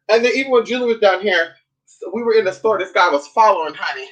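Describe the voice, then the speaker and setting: A sassy woman vlogging into her phone in her home kitchen, with a bright, sharp voice. She chats casually and profanely, calling viewers girl and honey. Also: mid-range voice, animated, quick pace, highs cut off. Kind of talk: casual chat to camera.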